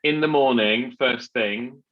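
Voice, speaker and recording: A man hosting a podcast in relaxed, rambling chat, often restarting his sentences. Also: medium pitch, takes it slowly, dull audio. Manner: chatty, rambling with many restarts and fillers. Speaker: podcast host.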